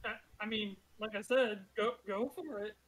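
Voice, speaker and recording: A woman's voice: medium pitch, normal speed, low-quality recording. A woman narrating as game master, chatty and prone to laughing. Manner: giggly, chatty narration with fillers. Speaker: dungeon master.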